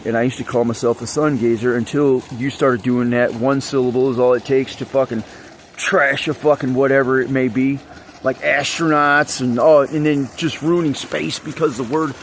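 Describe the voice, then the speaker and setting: A man's voice: medium pitch, slight background noise. Rambling, agitated man venting. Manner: agitated, rambling, heavy swearing. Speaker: vlogger. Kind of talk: rambling monologue to camera.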